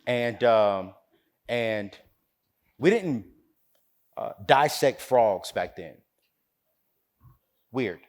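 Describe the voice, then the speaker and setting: Motivational speaker, male, storytelling with rising preacher-style builds, very lively pitch. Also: very slow, pauses often. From North Carolina, US. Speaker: keynote speaker. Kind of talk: motivational speech.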